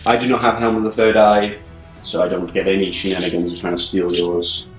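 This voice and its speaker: Chatty laughing game host in a roomy studio. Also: male voice, sits low, level tone, brisk, faint music behind. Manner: laughs often, chatty and joking. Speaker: host of a tabletop battle report. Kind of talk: casual game commentary.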